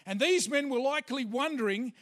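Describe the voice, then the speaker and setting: A man's voice: very high voice, expressive, brisk, fairly bright tone. A man, a pastor giving a sermon and telling a personal story in a chatty way with lots of fillers.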